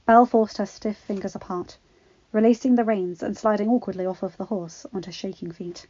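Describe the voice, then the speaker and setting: A woman narrating a fan-fiction story in a steady, expressive reading. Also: mid-range voice, brisk. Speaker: audiobook reader. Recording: dull lo-fi recording with faint music.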